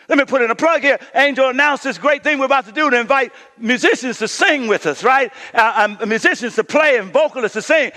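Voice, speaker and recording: Pastor, male, high bright voice, emphatic preacher with shouts and hushed asides, church hall reverb. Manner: emphatic preaching, drops to near-whisper and rises to shouts. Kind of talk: sermon. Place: church sanctuary.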